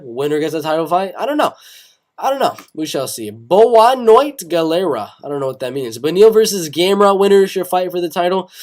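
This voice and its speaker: A man's voice: a little high, darkish tone. A young man hosting a casual live stream on fights, reading chat aloud and rambling with many repeated phrases. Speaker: MMA live stream host.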